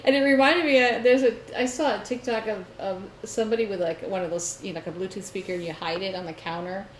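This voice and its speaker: Animated woman telling a story in a roomy space. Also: medium pitch, fast. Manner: animated storyteller, laughing often. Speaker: podcast co-host. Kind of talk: casual chat. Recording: roomy echo, faint noise.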